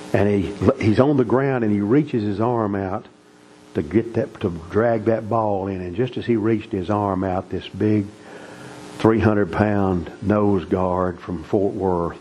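A man's voice: fairly low pitch, dark tone, slight background noise, rough recording. A middle-aged man preaching, telling family stories in a folksy, earnest way. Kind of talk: sermon storytelling.

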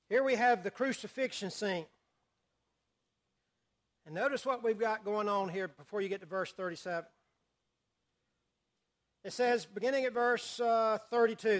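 A man's voice: high voice, moderate pace, long pauses. A man teaching a Bible study, reading scripture aloud and quizzing his listeners with questions. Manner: asks the audience questions and reads scripture aloud. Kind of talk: sermon-style Bible study.

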